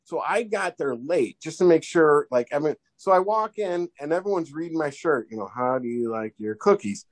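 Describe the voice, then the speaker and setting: A man tells a long, rambling anecdote on a podcast, circling back and restarting as he goes. His voice sits a little above the usual male range, and his delivery is loose and animated. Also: fairly high pitch, moderate pace. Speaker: podcast guest. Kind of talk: casual storytelling.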